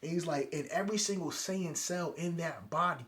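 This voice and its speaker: Excited young man recapping an episode. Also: on the high side, brisk. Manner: animated, retells scenes with quoted lines and sound effects. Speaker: anime reviewer.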